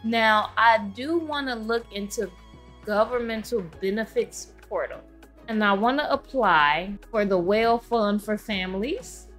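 A woman hosting a casual let's-play, chatting to her game characters and viewers, her throat rough from allergies. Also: fairly high pitch, measured pace, fairly bright tone, faint music behind. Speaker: gaming channel host.

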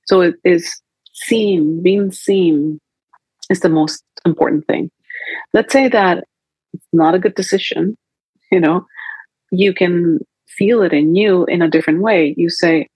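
A woman's voice: on the low side, a little slow, darkish tone, husky, no room sound, poor audio. A woman holistic coach talking through feelings as a podcast guest, reflective and acting out inner dialogue. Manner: reflective, acts out inner dialogue in quoted voices. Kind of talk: conversational coaching talk.

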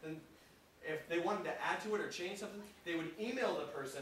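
Animated male presenter in an echoey room. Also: high voice, brisk, slight background noise. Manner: animated, addresses audience, frequent restarts. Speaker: conference presenter. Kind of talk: conversational training talk. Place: conference room. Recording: echoey room, distant mic.

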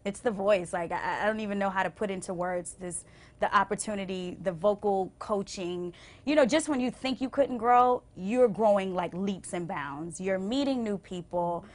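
A young adult woman singer telling stories as a TV interview guest, acting out quotes with big swings and going hushed when moved. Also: moderate pace. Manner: expressive, acts out quotes with big pitch swings. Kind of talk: animated storytelling in a TV interview. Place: TV station interview.

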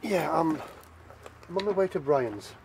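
A man's voice: on the high side, expressive, a little slow. Soothing father on the phone, noisy background. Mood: reassuring. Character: calm reassuring estranged father.

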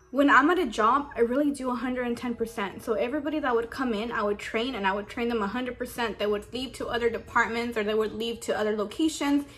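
A woman's voice: on the high side, brisk, fairly bright tone. A young woman vlogger telling her work story in casual chat, emotional and close to tears, saying "like" a lot. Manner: emotional, holding back tears. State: tearful. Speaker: beauty vlogger. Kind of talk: get-ready-with-me storytime.

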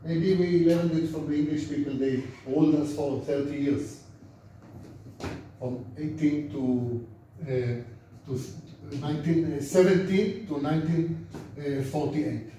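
Speaking slowly and steadily, this older Israeli rabbi has a mellow male voice that leans high. He chats his way through an informal lesson, quizzing students and having them repeat words for practice. Recorded from a distance in a reverberant lecture hall, the audio carries a little background noise.

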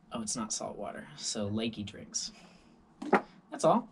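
A man's voice: mid-range voice, lively intonation, moderate pace, background noise. A tired man vlogger telling a rambling story in a casual monologue, full of voices and sound effects.

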